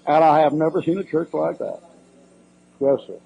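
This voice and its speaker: A man's voice: fairly high pitch, expressive, slow, gravelly, pauses often, a little mellow, slight background noise. An older man, a preacher answering questions in a church Q&A, folksy, blunt and emphatic with joking asides, on a muffled old cassette recording.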